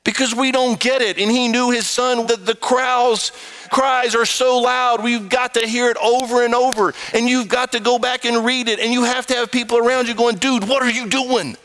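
A man preaching an animated sermon, reading scripture and raising his voice to exhort the congregation. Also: normal speed, smooth. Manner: animated, shifts between low quotes and raised exhortation.

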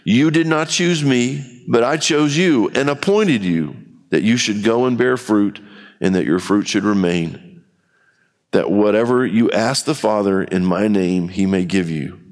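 In a church sanctuary full of long hall reverb, a male pastor delivers a candid, conversational sermon. His voice is fairly low and his pace unhurried.

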